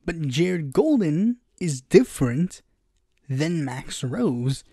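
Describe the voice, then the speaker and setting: A young man hosting a casual political commentary show, sarcastic and animated, talking with lots of fillers. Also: fairly high pitch, slow pace, no room sound. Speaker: political podcast host.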